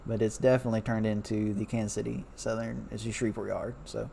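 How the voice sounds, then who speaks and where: A man's voice: lowish voice, little pitch movement, fast, creaky, dark tone, slight background noise. A man and former railroad worker talking loosely and chattily, correcting himself as he goes. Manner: loose and chatty, many fillers, self-correcting. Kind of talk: casual rambling talk over a map.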